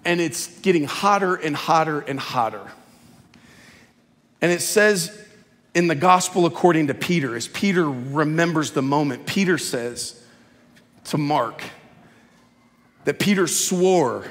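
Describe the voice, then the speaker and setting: A middle-aged male pastor preaching a sermon in a large church auditorium, impassioned and conversational, at times dropping very quiet. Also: fairly high pitch, animated, measured pace, pauses often. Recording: echoey reverb of a large hall.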